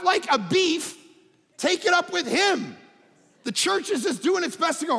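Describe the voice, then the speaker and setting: Animated male pastor preaching in a hall. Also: a little slow, gravelly. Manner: animated, swings between loud emphatic bursts and low quiet asides. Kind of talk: sermon. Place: church sanctuary. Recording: church hall reverb.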